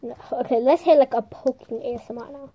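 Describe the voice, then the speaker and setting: A woman's voice: fairly high pitch, steady tone, fast, mellow, a little hiss or hum. A young woman chatting casually as she shows off toy squishies and slime, bubbly and playful, sometimes dropping into a whisper and making little sound effects. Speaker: vlogger showing squishies and slime. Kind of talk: casual show-and-tell with ASMR bits.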